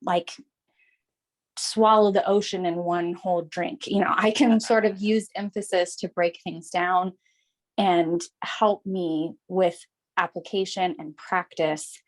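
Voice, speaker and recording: A woman's voice: on the low side, steady tone, unhurried. Woman thinking aloud in a class. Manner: thinking aloud, with hesitant restarts. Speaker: course participant. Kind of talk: reflective casual talk.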